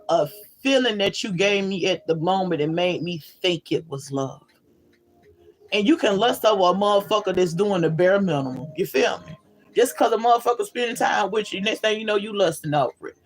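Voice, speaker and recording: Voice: medium pitch, low-quality recording. A spiritual reader giving a blunt, profane and emphatic pep talk to viewers, often checking in with "you feel me?".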